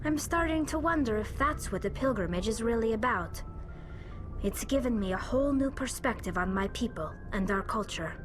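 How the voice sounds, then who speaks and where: A woman playing a shy young alien engineer in a video game. Her voice sits a little high and comes out soft and hesitant. She sounds earnest. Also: lively intonation, normal speed, music in the background, natural voice. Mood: wistful.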